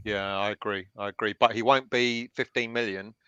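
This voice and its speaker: A man's voice: fairly low pitch, fairly even intonation, pushed and bright, clear, resonant tone, dry recording, lo-fi sound. A man hosting a live online football chat, putting questions to his panel over a video call. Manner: leads the panel with questions, quick asides. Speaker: host.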